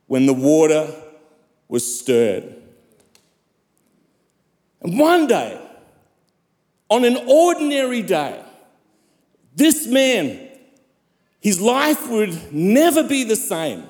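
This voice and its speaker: A male pastor preaches in a slow, measured rhythm, his voice sitting high and swinging widely in pitch. He keeps calling out to his congregation as he goes, and his words ring out with a long reverb through a large church hall. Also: darkish tone. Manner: preaching cadence with calls to the congregation. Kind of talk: sermon.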